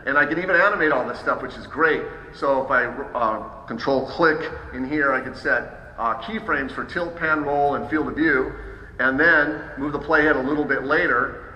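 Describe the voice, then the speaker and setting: A man giving a casual, upbeat live software demo to an audience, with many fillers and restarts. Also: medium pitch, moderate pace, dull audio. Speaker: software trainer presenting at a trade show. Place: large hall. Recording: roomy hall echo, faint ambience.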